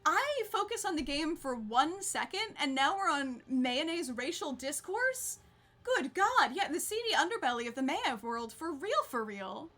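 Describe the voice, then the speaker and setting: A woman's voice: high voice, sing-song, moderate pace, fairly bright tone, faint music behind. A woman streaming a game, chatting casually with viewers, bubbly and laughing often. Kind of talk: casual gameplay chat with viewers.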